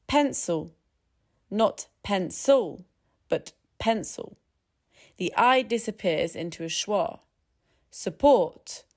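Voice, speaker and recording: Calm woman teaching pronunciation. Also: mid-range voice. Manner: calm, measured, slows down to demonstrate sounds. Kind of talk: scripted tutorial narration.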